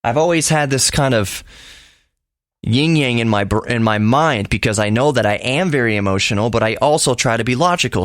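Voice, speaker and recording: A man's voice: mid-range voice, fairly bright tone, no echo, clean studio sound. A middle-aged man hosting a podcast, giving an emphatic, lecturing solo monologue with frequent restarts. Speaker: podcast host.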